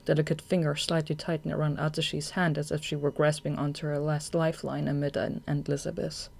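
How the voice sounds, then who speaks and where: A narrator reading a fan audiobook in an even, measured way. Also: mid-range voice, gravelly, husky.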